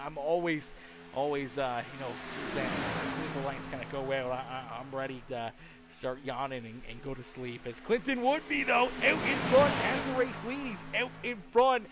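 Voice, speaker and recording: A man from Canada calling a live sim race as commentator, excitable with loud bursts and rambling asides, tired and yawning. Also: on the high side, moderate pace. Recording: noisy stream audio with race-car engine sound.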